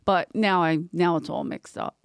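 A woman's voice: fairly low pitch, normal speed, gravelly, clean tone, no echo, studio quality. A middle-aged woman with a Philadelphia accent, hosting a casual comedy podcast chat and telling stories with laughs. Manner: laughing, animated storytelling. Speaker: podcast host.

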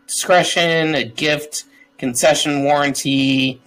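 A man reads a long legal deed aloud during a tabletop game, pausing and stumbling over the words. His voice sits a little above the usual male range. Faint music plays quietly underneath. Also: a little high, rough recording. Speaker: player.

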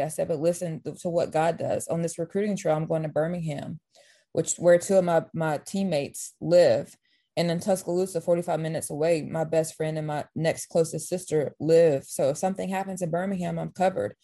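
A woman who coaches basketball tells long personal stories as an interview guest. Her voice sits a little low and sounds warm and mellow. She talks in an animated, heartfelt way, often restarting her sentences. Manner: animated, faith-filled storytelling with quick restarts. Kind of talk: storytelling in an interview.

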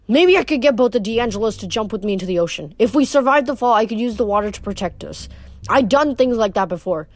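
A woman reading a novel aloud in steady first-person storytelling, with occasional stumbles and rereads. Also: fairly high pitch, fast talker, dry recording. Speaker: reader.

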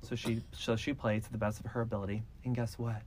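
A man's voice: mid-range voice, flat delivery, fast talker, darkish tone, a little hiss or hum. A man hosting a podcast who retells a true-crime case in a loose, casual way, full of "like" and "so". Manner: loose, filler-heavy retelling with "like" and "so". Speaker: podcast host.

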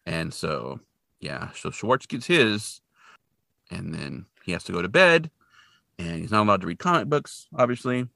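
Animado narrador masculino de voz grave. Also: male voice, deep voice, measured pace, creaky, no room sound, clean studio sound. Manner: animated storyteller, acts out characters, many fillers. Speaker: podcast host. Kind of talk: casual movie recap.

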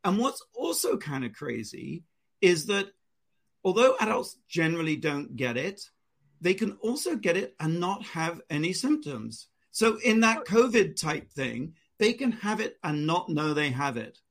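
A man's voice: a little high, a little slow, creaky. A man co-hosting a casual chat show, telling a personal story and acting out the quotes. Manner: animated storyteller, acts out quotes. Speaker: co-host.

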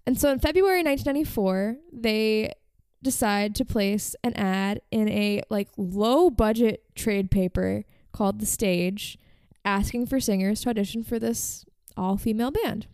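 A woman's voice: medium pitch, moderate pace, few pauses, darkish tone, smooth, no room sound. A woman hosting a podcast, telling a story in casual chat with lots of "like" fillers. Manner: chatty, frequent "like" fillers. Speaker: podcast host.

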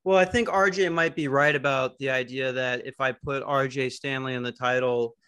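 Man doing a deadpan fake news anchor. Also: mid-range voice, normal speed, smooth, no echo, studio quality. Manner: deadpan fake-newscaster delivery. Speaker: podcast host. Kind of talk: mock news anchor bit.

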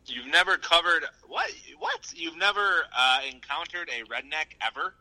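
A young man trading jokes on a talk show, with a very bright, sharp voice that lifts a little high. His pitch bounces around a lot as he defends himself with playful jokes. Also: expressive, normal speed, poor audio. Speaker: show regular. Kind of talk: casual banter.

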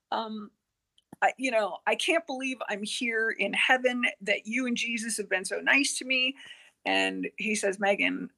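A woman guest on a podcast telling a personal experience, earnest and halting, with many fillers and quoted dialogue. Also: medium pitch, gravelly. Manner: earnest, halting, with frequent fillers and self-corrections; quotes herself and others in lively dialogue.

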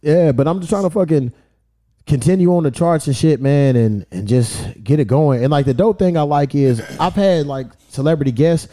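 This man hosts a casual podcast, and his warm voice sits fairly high, moving at a moderate pace. He chats loosely and curses while listing the places his listeners live.

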